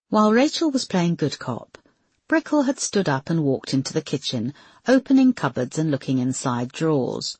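A woman reading an audiobook narration in a measured, expressive way with a husky voice. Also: deep voice, dry recording. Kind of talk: scripted narration.

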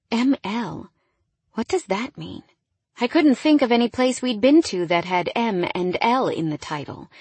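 A woman narrating a first-person romance audiobook in an intimate, wistful way that often drops quiet. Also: mid-range voice, husky, dry recording.

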